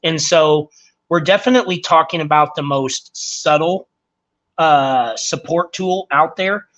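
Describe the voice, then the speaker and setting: Podcast guest, male, slightly high pitch, earnest and explanatory. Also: a little slow, fairly bright tone, lo-fi sound. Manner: earnest, explains with everyday examples. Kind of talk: casual podcast conversation.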